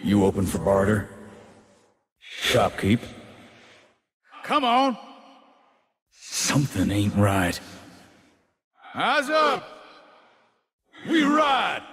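An actor playing a brooding demon cowboy swordsman in game voice lines, with a low drawling gravelly delivery that breaks into shouts. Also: long reverb tail, slight background noise, full character voice.

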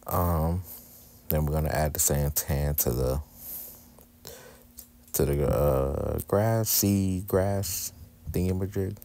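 A man narrates a craft video casually, poking fun at himself as he goes. His voice sits extremely low and deep. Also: takes it slowly, long pauses, mellow. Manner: candid, joking, self-deprecating.

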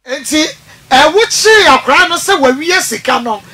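A woman's voice: high voice, animated, brisk, sharp tone. A Ghanaian woman hosting a radio call-in counselling show, asking pointed, probing questions. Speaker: radio host.

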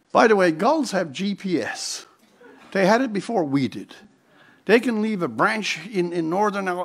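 A man from Newfoundland, with the accent to match, holds forth at a conference lectern in a strikingly high voice. He spins comic anecdotes with theatrical relish and pounces on sudden emphatic asides. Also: a bit bright. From Newfoundland, Canada. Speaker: conference speaker. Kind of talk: humorous storytelling speech. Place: conference hall before a live audience.

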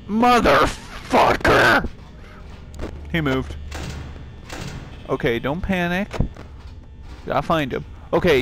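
A young man giving let's play commentary on a horror game, panicky and swearing, yelling at the characters on screen. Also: high voice, a little hiss or hum, low-quality recording. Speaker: gaming video creator.

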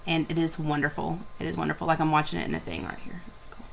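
A woman's voice: deep voice, level tone, fast, gravelly, slight background noise, poor audio. A woman co-hosting a vape review show, chatting casually and reading out viewer questions. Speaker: co-host. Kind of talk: casual chat.

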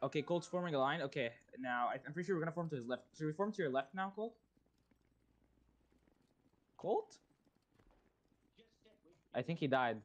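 Fast-talking man directing players. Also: fairly high pitch, expressive. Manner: quick, directing others, repeats himself. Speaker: player in voice chat. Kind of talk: in-game voice chat.

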